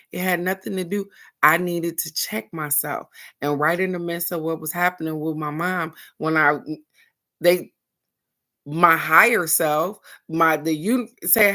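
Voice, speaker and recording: Low-voiced woman telling a frank story. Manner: animated storytelling, acting out quoted voices, addressing viewers directly; frank and blunt, with the odd curse word. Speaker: host of a daily card reading show. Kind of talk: casual spiritual chat to viewers.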